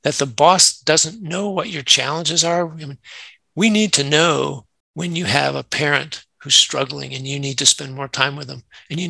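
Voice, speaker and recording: A man's voice: a little high, creaky, pushed and bright, no room sound, low-quality recording. A man, a nonprofit CEO, talking earnestly in an interview and telling workplace stories. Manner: earnest, acts out quoted dialogue in anecdotes. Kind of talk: conversational interview storytelling.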